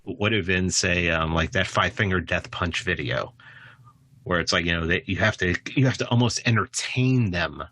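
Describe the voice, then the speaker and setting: A man speaking as a podcast guest in casual conversation, rambling with frequent restarts and sudden animated jumps in pitch. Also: moderate pace.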